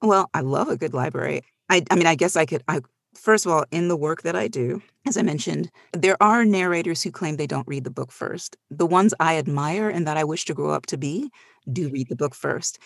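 A middle-aged audiobook narrator talking casually on a panel, telling animated stories with frequent laughs. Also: medium pitch, brisk, gravelly, no room sound, studio quality.

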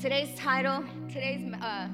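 A woman's voice: high-pitched, normal speed, loud music behind the voice. A woman in her thirties preaching a sermon in church, telling a personal story with lots of giggles. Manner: warm, giggly, animated storyteller. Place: church sanctuary. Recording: long reverb in a large hall.

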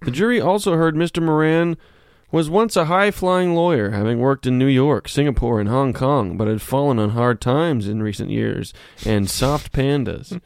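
A man's voice: mid-range voice, normal speed, clear, resonant tone, no echo. A male comedian co-hosting a podcast, reading a news story aloud in a mock-serious tone. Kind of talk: casual comedy podcast chat.

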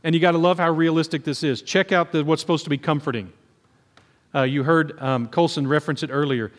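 A man preaches in a church sanctuary, his fairly high voice carried by a long hall reverb. He drops to quiet scripture reading, then bursts into excited, animated lines. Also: a little fast. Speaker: pastor. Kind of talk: sermon.

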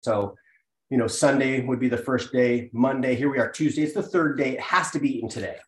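A man's voice: mid-range voice, fairly quick, reverberant, a little hiss or hum. A man chatting enthusiastically as a guest on a cooking show, sometimes talking with food in his mouth. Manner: enthusiastic, talks while eating. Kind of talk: casual chat.

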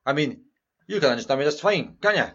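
A man's voice: a little high, expressive, quick pace, fairly bright tone, dull audio. A man playing a foul-mouthed Glaswegian grouch. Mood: scornful. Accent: Glaswegian Scottish. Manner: abrasive, insulting, combative. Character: rude foul-mouthed older Glaswegian male librarian.

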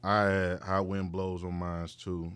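A man's voice: deep voice, monotone, unhurried, a bit bright, clean tone, no room sound. A man in casual chat among friends, listing songs in a matter-of-fact way.

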